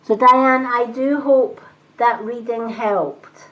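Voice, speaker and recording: A woman doing live-stream tarot readings, talking calmly and reassuringly and greeting viewers by name. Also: on the high side, takes it slowly, highs cut off. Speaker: tarot reader and medium.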